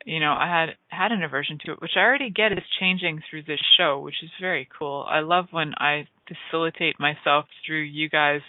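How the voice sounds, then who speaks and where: A woman's voice: sits low, a little fast, hardly any pauses, dry recording. Chatty woman radio host over a tinny line. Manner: chatty, playful, rambling with fillers. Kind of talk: casual solo radio talk.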